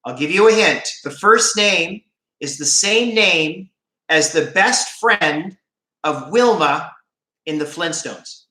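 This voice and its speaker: A man's voice: on the high side, lively intonation, slow pace, sharp tone, reverberant, rough recording. A man with a Canadian accent hosting a casual livestream, rambling and joking as he reads out viewer comments. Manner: chatty, rambling, jokey, laughs often. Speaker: YouTube channel host on a live stream.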